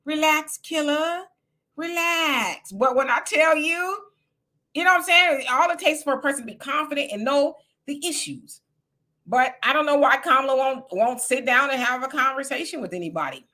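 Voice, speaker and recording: A woman's voice: high voice, a little fast, bright, forceful tone. A woman from California giving blunt, colloquial political commentary on a casual live stream.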